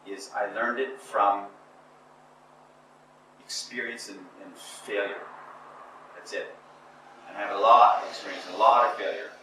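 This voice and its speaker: A man's voice: on the low side, pushed and bright, far from the mic, slight background noise. A man telling embarrassing stories from his youth to a small group, self-mocking and acting out scenes, in a casual talk. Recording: echoey room, speaker away from mic.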